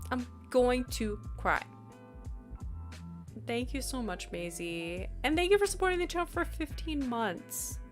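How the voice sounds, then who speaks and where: A woman's voice: on the high side, a bit bright. Bubbly congested woman streamer. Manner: bubbly and chatty. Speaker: live streamer. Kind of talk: casual live-stream chat reading viewer messages.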